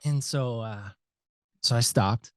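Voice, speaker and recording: A middle-aged American man, a podcast guest, telling a personal story with animated reenacted dialogue and "so anyway" asides. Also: mid-range voice, slow, smooth, no echo, clean studio sound. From United States.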